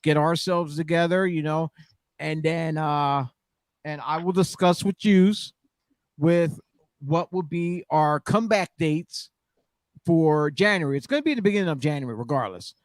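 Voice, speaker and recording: A man with a high voice hosts a casual wrestling podcast on a dry close mic. He rambles with fillers and hypes guests the way a ring announcer would. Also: normal speed, no room sound. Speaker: podcast host.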